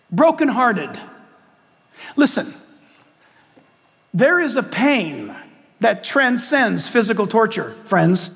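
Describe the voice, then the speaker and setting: Male pastor, dramatic sermon, high voice, church hall reverb. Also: a bit bright, breathy edge. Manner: dramatic storytelling with direct questions to the congregation.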